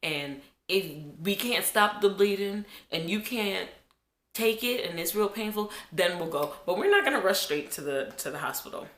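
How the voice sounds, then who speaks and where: A woman voicing her calm, matter-of-fact father, who steadily plays down an injury. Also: high-pitched, normal speed, full character voice. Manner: steady, reassuring, brushes off drama. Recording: echoey room.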